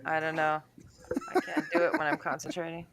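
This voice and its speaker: A woman's voice: low voice, big pitch swings, brisk, fairly bright tone, slight background noise. A woman with French as her first language, hosting a casual livestream panel and chatting in a giggly, self-deprecating way over a headset. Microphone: headphones with headset.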